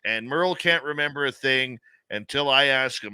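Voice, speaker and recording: A man hosting a radio talk show, telling stories in a lively, chatty way. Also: medium pitch, normal speed, smooth, no room sound. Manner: animated storyteller, laughs easily. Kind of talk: casual radio talk, storytelling.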